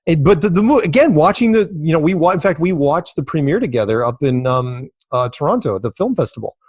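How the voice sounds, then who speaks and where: A man's voice: fairly high pitch, brisk, husky, no echo, studio quality. A man telling stories as an interview guest, rambling and repeating himself, acting out what others said. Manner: rambling, repeats words, animated quoting of others. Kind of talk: casual storytelling in an interview.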